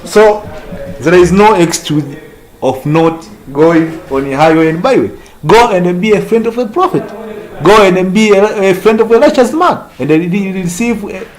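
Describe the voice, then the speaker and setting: A man's voice: high voice, animated, moderate pace, darkish tone, low-quality recording. A man with an East African accent street preaching, laughing often, crude and repetitive as he scolds his listeners.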